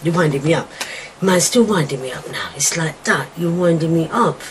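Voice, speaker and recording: A woman's voice: low voice, lively intonation, moderate pace, a little hiss or hum, poor audio. Woman telling a raw story. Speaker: mother telling her daughter her story. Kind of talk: candid personal account.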